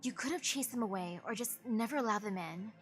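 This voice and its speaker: A woman's voice: medium pitch, a little fast, a bit bright, soft background music, natural voice. A woman voicing a cold, accusing young woman investigator who speaks sternly while reading a game's story aloud. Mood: grim.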